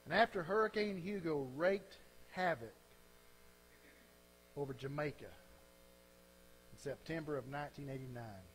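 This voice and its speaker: A man's voice: on the high side, measured pace, long pauses, slight background noise, rough recording. A man preaching a sermon as a pastor, telling folksy stories and closing in earnest prayer.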